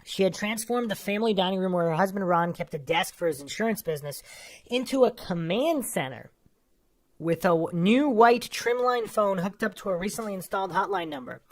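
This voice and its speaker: Casual woman reading true crime sources. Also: medium pitch. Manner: casual, with asides between read passages. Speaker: podcast host. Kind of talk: true crime podcast narration, reading articles aloud.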